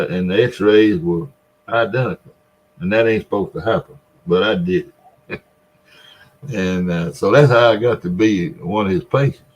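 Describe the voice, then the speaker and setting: A man's voice: fairly low pitch, a little mellow, highs cut off. A man in his seventies with a Mississippi Delta Southern accent, telling a long story in a folksy way and laughing between lines. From Mississippi Delta, USA. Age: 70s. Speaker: vlogger. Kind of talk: casual storytelling.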